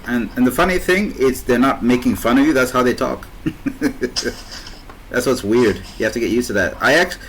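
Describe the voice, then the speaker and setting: A man's voice: medium pitch, fairly bright tone, slight background noise, low-quality recording. A man hosting a casual voice chat, rambling anecdotes with frequent laughter. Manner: rambling, laughs often, restarts. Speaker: host.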